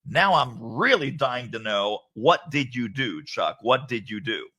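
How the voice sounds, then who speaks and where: A man's voice: medium pitch, sing-song, measured pace, pushed and bright. A man as a podcast guest author, speaking emphatically and rattling off lists of points. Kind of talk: podcast interview.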